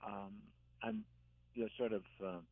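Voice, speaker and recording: An older man, an author and caregiver, telling gentle stories in a radio interview, halting and repeating words as he speaks. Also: on the low side, huge pitch swings, vocal fry, dry recording. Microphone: phone. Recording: tinny dry phone line.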